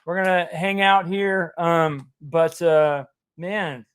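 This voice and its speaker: Male livestream host, slightly high voice, casual, halting delivery. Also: a bit bright, clear, resonant tone. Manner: halting, full of fillers and restarts.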